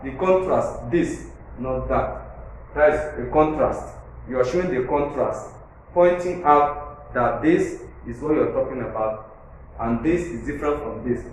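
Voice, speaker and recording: A man's voice: medium pitch, a little mellow. A male teacher with a Nigerian English accent, giving a grammar lesson and explaining points with repetition, counting syllables aloud and checking that his students follow. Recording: echoey room with faint noise.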